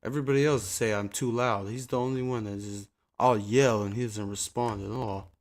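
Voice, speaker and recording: A man streaming from a small home desk, chatting to viewers in a slangy, profane, rambling way into a desk mic, sometimes yelling at a friend. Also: lowish voice, steady tone, moderate pace. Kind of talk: casual live-stream chat. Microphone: desk mic on a soundboard.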